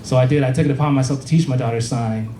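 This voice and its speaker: A man's voice: medium pitch, fairly even intonation, racing, distant mic, heavy background noise. A man in his thirties doing a stand-up comedy set on a club stage, rambling and crude in a conversational way. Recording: echoey club, heard from afar, loud crowd.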